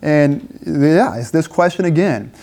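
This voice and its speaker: A man's voice: a little high, expressive, unhurried, warm tone. A man preaching a conversational sermon at a campus dinner gathering, asking rhetorical questions and briefly acting out biblical speakers.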